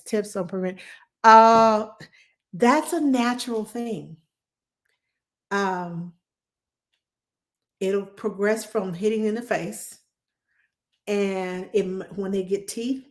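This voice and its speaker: Female nanny host for a live Q&A. Animated, chatty delivery with repetition for emphasis and quick acted-out quotes. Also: mid-range voice. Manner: animated, acts out quoted voices, repeats for emphasis; conversational with fillers and restarts. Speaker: nanny answering viewer questions. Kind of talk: casual live Q&A.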